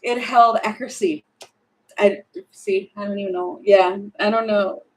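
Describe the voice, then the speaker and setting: A woman's voice: medium pitch, very animated, measured pace, gravelly, low-quality recording. A woman doing a casual, spontaneous tarot reading, thinking aloud, rambling and giggling as she goes. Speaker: tarot reader.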